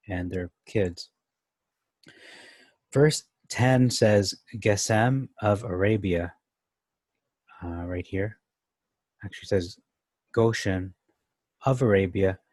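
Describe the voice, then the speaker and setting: A man's voice: deep voice, normal speed, long pauses, a little mellow, no echo. A man teaching through a Bible chapter, thinking aloud as he reads and explains verses, comparing translations. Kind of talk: casual Bible study commentary.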